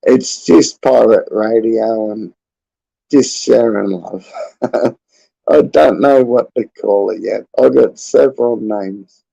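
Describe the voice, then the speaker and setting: A man's voice: fairly low pitch, slow pace, vocal fry, warm tone, slightly rough, dry recording, lo-fi sound. An Australian man in his forties, rambling casually and chuckling often as he hosts his livestream. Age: 40s. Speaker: livestream host.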